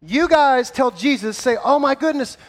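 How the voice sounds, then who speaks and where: High-voiced playful man on stage. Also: moderate pace. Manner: playful and energetic, coaching volunteers. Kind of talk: interactive Bible story with volunteers. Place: stage before a live audience.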